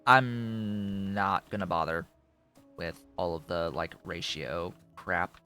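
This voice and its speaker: Low, unhurried man muttering over gameplay. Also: fairly even intonation, bright, forceful tone, soft background music. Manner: muttering to himself while building, offhand and dry. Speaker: game streamer. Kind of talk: casual gameplay commentary.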